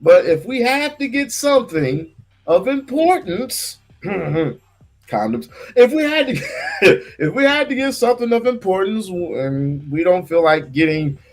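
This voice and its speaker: A man's voice: sits high, lively intonation, a little slow, soft background music. A man hosting a casual livestream, talking in bursts with stammered restarts and repeated words. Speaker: livestream host.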